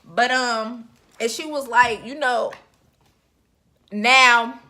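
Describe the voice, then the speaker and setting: A young woman talks straight to her viewers in loose, chatty commentary. Her voice has a bright, sharp edge and leaps higher whenever she gets worked up. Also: drawn-out words. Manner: chatty, expressive, with sudden pitch jumps. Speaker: reality TV reviewer. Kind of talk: casual chat.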